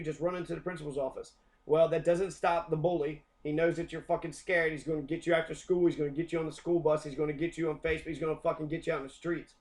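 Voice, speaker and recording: A man's voice: a little high, darkish tone. A young adult American man delivering a heated, profane rant, often repeating himself. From United States. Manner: profane, heated, repetitive ranting. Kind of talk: angry rant.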